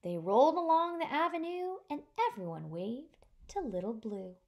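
A woman childcare teacher reading a picture book aloud to young children in an animated, sing-song way. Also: sits high, moderate pace.

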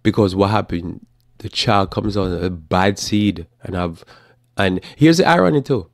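A man giving a live Bible teaching talk, animated, now and then acting out whiny children and doting parents. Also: low voice, a little slow, creaky, dry recording, clean studio sound. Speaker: preacher.

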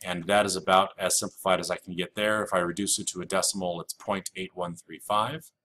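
Deep-voiced man teaching a math lesson. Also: steady tone, a little fast, sharp tone, slight background noise. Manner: explains step by step, repeats key rules, uses fillers like um and okay. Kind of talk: recorded flipped-classroom lecture.

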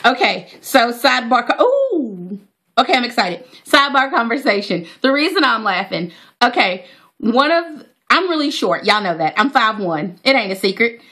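An excitable woman with a voice set a little higher than most runs a casual unboxing vlog. She chats straight to her viewers in a friendly, gushing way as she goes through hair products. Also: normal speed. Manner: excitable, chatty, talks to viewers directly. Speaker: natural hair vlogger.

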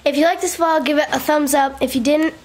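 Brief: teen girl vlogger, hoarse and raspy, higher voice, unhurried, faint noise behind. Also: fairly even intonation. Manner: chatty, rambling, self-mocking. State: losing her voice, hoarse. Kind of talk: casual vlog outro.

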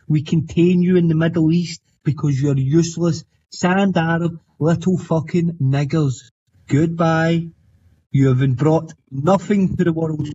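A man's voice: on the high side, a little mellow. A man in an online voice chat, taunting and insulting someone with contempt. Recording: dull lo-fi voice chat audio with faint hiss.

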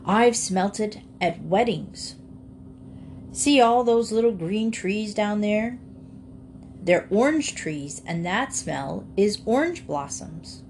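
Calm know-it-all farm animal in a storybook, matter-of-fact, voiced by a woman. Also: mid-range voice, slow pace, a little hiss or hum. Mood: explaining.

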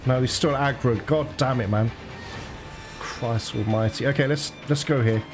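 A man doing let's play commentary as host, excitable, swearing and laughing at the game. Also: mid-range voice, moderate pace. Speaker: gaming channel host. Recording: game music behind the voice.

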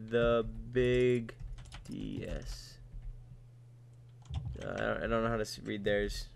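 A young man co-hosting a gaming channel, bantering in a goofy way with loud outbursts as he plays. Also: on the low side, steady tone, slow pace, gravelly, smooth. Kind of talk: casual gameplay commentary.

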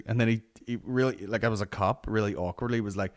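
A man's voice: lowish voice, fairly even intonation, quick pace, few pauses. A young Northern Irish man hosting a solo comedy podcast, telling a rambling, sweary anecdote. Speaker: podcast host.

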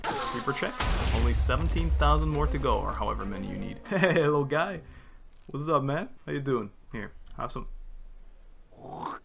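A man with a gravelly, creaky voice riffs through his gameplay, his pitch leaping up and down as he jokes and laughs. Game music plays in the background. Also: expressive, normal speed, long pauses. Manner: jokey, laughs often, banters with himself. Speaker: gaming streamer. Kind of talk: playful gameplay commentary.

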